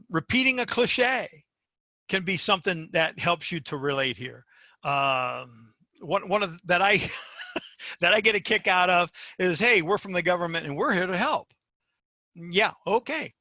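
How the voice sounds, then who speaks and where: A man's voice: on the high side, sharp tone, no room sound. A man teaching as a university faculty member in a webinar lecture, speaking emphatically and often checking in with his listeners.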